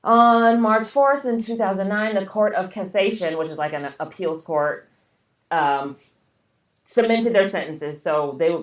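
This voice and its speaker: In an echoey space, a woman with a low-pitched voice co-hosts a podcast and relaxedly recounts a story. Her casual chat is loaded with fillers and curse words.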